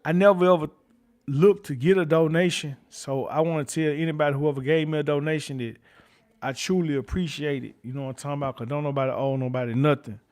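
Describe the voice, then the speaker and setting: A man's voice: a little high, steady tone, quick pace, a little mellow. A middle-aged man with a Memphis Southern accent, hosting a livestream, chatting loosely, reading out viewer comments and repeating himself. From Memphis, Tennessee. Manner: loose, rambling, repeats himself, curses freely. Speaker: livestream host.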